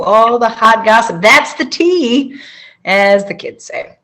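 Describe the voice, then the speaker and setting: A playful woman co-hosting a casual local food news show, with a jokey, easygoing delivery. Her voice is a little high. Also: animated, slow, fairly bright tone, rough recording. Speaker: podcast co-host.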